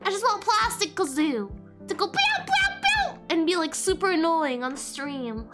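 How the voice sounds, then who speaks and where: A woman's voice: very high-pitched, animated, normal speed. A woman VTuber streamer chatting casually and playfully with her viewers, giggling often. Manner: giggly and playful, reacting to chat. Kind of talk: casual livestream chat with viewers. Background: faint lo-fi background music.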